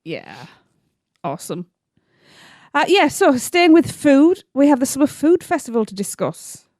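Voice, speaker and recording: A woman's voice: high-pitched, big pitch swings, unhurried, a little mellow, no echo, clean studio sound. A woman co-hosting a podcast in casual chat, giggly and playful, tripping over words. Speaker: podcast co-host.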